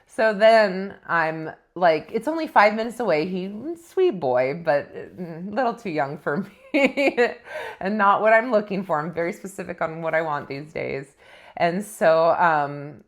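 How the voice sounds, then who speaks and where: A young woman hosting a spiritual podcast, telling a personal story in a casual, animated way, laughing often and acting out her own quoted lines. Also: fairly low pitch, a little slow. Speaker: podcast host.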